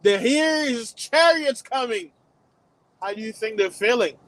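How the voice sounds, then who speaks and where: Slow, high-voiced man preaching warnings. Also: animated, fairly bright tone, poor audio. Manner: preachy, repetitive, rising to emphatic peaks. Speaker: channel host. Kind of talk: religious warning monologue.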